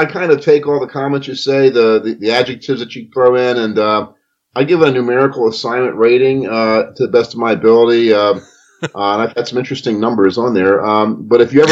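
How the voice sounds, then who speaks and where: A man's voice: medium pitch, steady tone, a little fast. Podcast guy with a dull muffled mic, lots of ums and uhs. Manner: hesitant, lots of fillers. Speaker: podcast co-host rating the drinks. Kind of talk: casual podcast chat.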